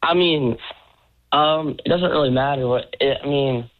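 A man's voice: mid-range voice, measured pace. A teenage boy calling in to a radio show, hesitant and mumbling in casual chat. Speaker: caller. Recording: dull phone line.

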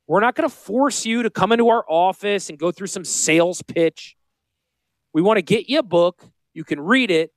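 A man's voice: sits high, no room sound. A middle-aged man from Connecticut hosting a radio show, joking and rambling in casual talk. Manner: joking, rambling, self-deprecating. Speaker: radio show host and financial advisor.

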